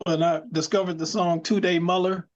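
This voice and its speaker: Man, co-host, animated storyteller, high voice, dull lo-fi sound. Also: a little fast. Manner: storytelling, animated, laughs often. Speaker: podcast co-host. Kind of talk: casual chat.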